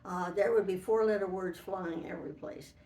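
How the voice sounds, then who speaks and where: A woman's voice: lowish voice, steady tone, moderate pace, dark tone, far from the mic. An older woman being interviewed, telling anecdotes from long ago in a rambling way with restarts. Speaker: interviewee, former model for an animated fairy. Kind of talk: reminiscing interview. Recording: roomy, from away from the mic.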